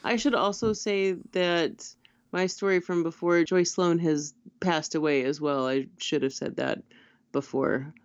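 Podcast co-host: mid-pitched, animated and chatty, dull lo-fi sound in a dry space. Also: a little slow, no echo. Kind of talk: casual chat. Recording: dull, lo-fi audio.

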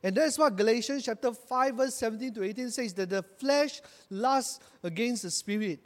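A man preaching a sermon with a high voice, his words rising in emphatic bursts. He calls on the congregation to repeat lines after him. The sound rings with a long reverb, as in a church hall. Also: normal speed. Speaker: pastor.

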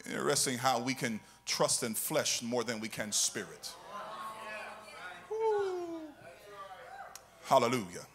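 A man preaching a sermon in an animated, sing-song way, now and then breaking into shouts. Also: mid-range voice, normal speed, few pauses. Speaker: pastor.

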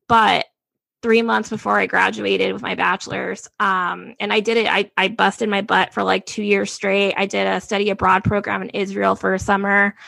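A woman's voice: mid-range voice, little pitch movement, moderate pace, creaky, pushed and bright, no room sound. A woman in her thirties, an interview guest, frankly telling her life story in a casual, slangy way. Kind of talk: candid personal storytelling.

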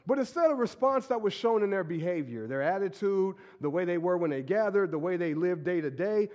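Pastor, man, sick with a stuffy nose, casual energetic preacher, fairly high voice, long hall reverb. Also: a little fast. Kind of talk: sermon. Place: church sanctuary.

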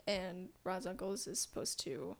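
Creaky-voiced chatty woman. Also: lowish voice, measured pace. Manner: chatty, full of fillers, sharing trivia. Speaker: podcast co-host. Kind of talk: casual chat.

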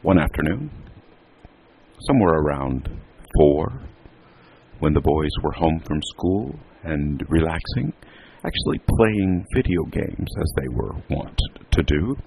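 A man telling a homely family story in an unhurried, drawn-out way. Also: a bass voice, big pitch swings, gravelly, dark tone, slight background noise, poor audio. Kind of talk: storytelling narration.

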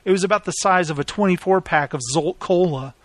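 A man's voice: high voice, brisk, no room sound. Man narrating a story, dry close mic. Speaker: author and narrator. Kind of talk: scripted audiobook narration.

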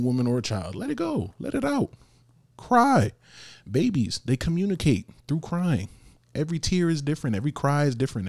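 Podcast host, male, lower register, earnest encouraging monologue, slangy and quick to laugh, dry close-mic sound. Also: dark tone, no room sound. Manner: casual slang.

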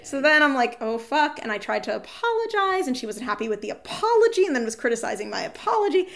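A woman speaking fast and frankly, her voice sitting a little high as she recounts arguments with her partner. She jumps between her own words and quoted lines, swears now and then, and lets out rueful laughs. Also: big pitch swings, gravelly, a bit bright. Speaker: guest seeking advice. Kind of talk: candid emotional storytelling.

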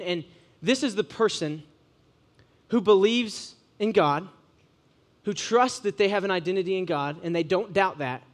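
Joking young preacher, high voice. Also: male voice. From Ohio, USA. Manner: casual, joking, animated storyteller. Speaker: preacher to students. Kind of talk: sermon with humorous storytelling.

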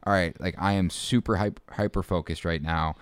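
A man with a very low, smooth and resonant voice and only a faint trace of a Boston accent, talking as an interview guest. He rambles through his thoughts with many restarts and asides. The sound is close and dry. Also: steady tone, moderate pace, no room sound. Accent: faint Boston, mostly smoothed out. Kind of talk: casual interview talk.

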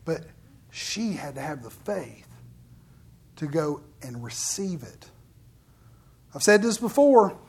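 The preacher's mid-range voice is sing-song, a little mellow, and slightly rough, taking things slowly with frequent pauses. Preaching casually and candidly before a live congregation, the speaker chats directly with the audience and acts out Bible scenes in quoted voices.

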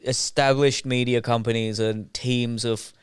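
A man appearing as a podcast guest, riffing in casual, quick-witted banter. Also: medium pitch, little pitch movement, clear, resonant tone, no room sound, studio quality.

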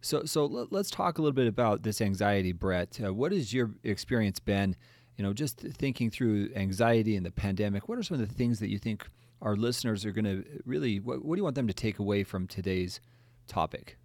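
A middle-aged man with a lowish voice talks through ideas in an earnest, explanatory way. He leans on rhetorical questions as he co-hosts. The sound is dry and close. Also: expressive, brisk, darkish tone, no echo. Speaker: clinician podcast co-host. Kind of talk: conversational discussion.

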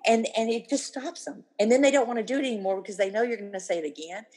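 A woman's voice: on the high side, racing, husky. A woman in her fifties, a guest in a casual interview, talking animatedly and acting out the lines of the people she quotes. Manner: animated, acts out quoted dialogue.

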